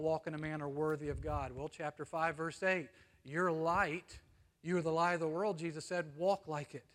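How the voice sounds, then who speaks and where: A man with an American accent preaching a sermon, earnest and emphatic, often dropping to a hush and asking "you see?". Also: fairly high pitch, in a large hall. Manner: earnest, swings between emphatic and hushed, frequent "you see?". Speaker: pastor.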